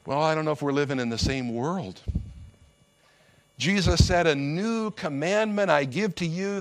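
A man's voice: a little high, moderate pace. A man preaching a sermon, emphatic, acting out the quotes he tells.

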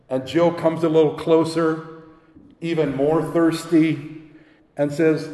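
Slow, mellow-voiced preacher in an echoey hall. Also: male voice, a little high, fairly even intonation. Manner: earnest, emphatic preaching with repeated phrases. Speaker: pastor. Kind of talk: sermon. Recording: echoey hall with long reverb.

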